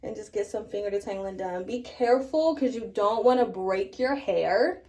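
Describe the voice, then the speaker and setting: A woman's voice: mid-range voice, moderate pace, a little mellow. A woman vlogger chatting casually through a hair care tutorial, talking straight to her viewers. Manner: chatty, addresses viewers as you guys. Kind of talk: casual tutorial talk to camera.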